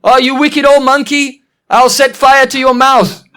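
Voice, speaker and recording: A man's voice: sits high, expressive, measured pace, fairly bright tone. A man voicing a proud, scheming female companion who speaks emphatically and confidently, in a storytelling lesson. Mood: angry.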